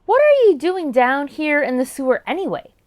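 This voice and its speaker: A woman's voice: high voice, sing-song, moderate pace. A woman voicing a smirking, amused leprechaun with a teasing manner. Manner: teasing, laughing.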